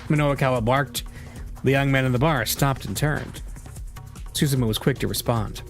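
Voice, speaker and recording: Man reading game text over soft music. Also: mid-range voice, fairly quick. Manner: even storytelling read. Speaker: let's-play narrator.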